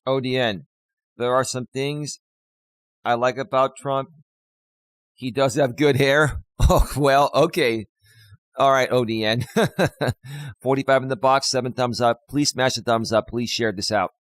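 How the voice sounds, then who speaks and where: A man's voice: mid-range voice, fairly even intonation, a little slow, pauses often, dry recording, clean studio sound. Impassioned man preaching on a live stream. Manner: impassioned, preachy, repeats himself. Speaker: life coach streamer.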